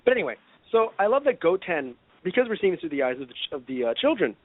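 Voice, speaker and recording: A man's voice: sits high, sing-song, fast talker, no room sound. A man co-hosting a casual anime review podcast, rambling with lots of "you know" and the odd swear. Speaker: podcast co-host. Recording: dry, phone-like lo-fi recording.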